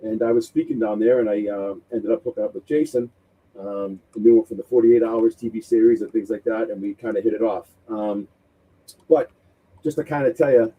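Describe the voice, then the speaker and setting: A man in his fifties with a Boston accent, a retired police officer guest telling his story in a relaxed, chatty, self-deprecating way. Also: lowish voice, brisk, breathy edge, phone-quality sound. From Massachusetts. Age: 50s. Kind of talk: interview storytelling.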